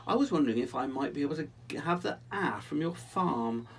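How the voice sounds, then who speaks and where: A man's voice: fairly high pitch, animated, brisk, recorded from a distance, slight background noise. A man voicing a fretful young male duck with an odd quack, in a raised, eager, plaintive voice.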